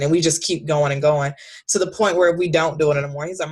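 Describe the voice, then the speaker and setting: A woman in her thirties, a podcast guest, talking candidly about raising her son, animated and leaping high when she quotes him. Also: quick pace. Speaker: podcast guest, author and speaker. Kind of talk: candid conversational storytelling.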